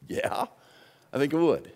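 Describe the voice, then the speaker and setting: Animated male pastor preaching a sermon. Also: on the high side, takes it slowly. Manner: animated storytelling, voice swinging from hushed to loud.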